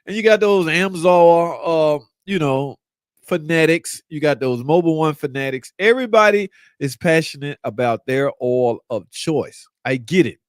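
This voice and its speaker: A middle-aged man hosting a live car channel, reading comments out loud in loose, slangy, joking banter. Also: on the high side, animated, measured pace, smooth, no echo, clean studio sound.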